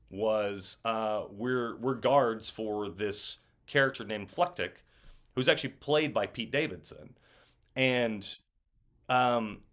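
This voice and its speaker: A young adult man, an actor, chatting in an interview and telling lively stories with lots of fillers. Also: fairly low pitch. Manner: animated storyteller, acts out quotes. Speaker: actor guest. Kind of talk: casual interview chat.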